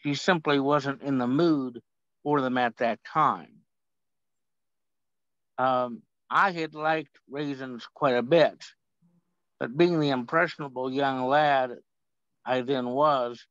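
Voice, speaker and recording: A man's voice: mid-range voice, a bit bright, clean tone, no echo, lo-fi sound. A man reading his poem at an online open mic, with wry, rambling asides. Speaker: poet. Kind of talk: poetry reading. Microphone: video call.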